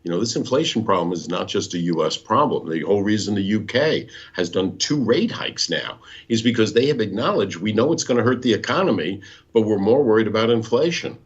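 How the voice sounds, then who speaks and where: Husky-voiced man explaining bond charts. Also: fairly low pitch, lively intonation, fairly quick, highs cut off. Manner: patient, teacherly, explains step by step. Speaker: guest bond market expert. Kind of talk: explaining charts in a live talk.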